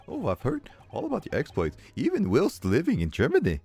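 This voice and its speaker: A man voicing an excitable admirer in a video game read-through, gushing and breathless. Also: a little high, moderate pace, faint music behind, pitched above the performer's own voice.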